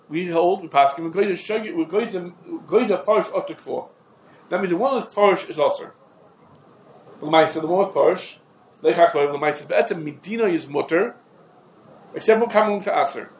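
A man teaching a lecture on religious law, in quick clipped phrases with repeated fillers like "come on" and "over here". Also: high-pitched. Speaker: Talmud teacher. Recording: echoey room with faint background noise.

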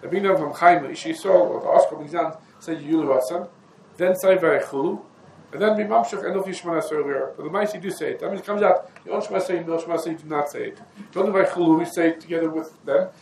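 A man's voice: fairly high pitch, fast talker, creaky, darkish tone. A man giving a halachic lesson, talking through the sources in a meandering, conversational way and mixing in Hebrew and Yiddish terms. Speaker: Torah teacher. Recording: echoey room with faint ambient noise.

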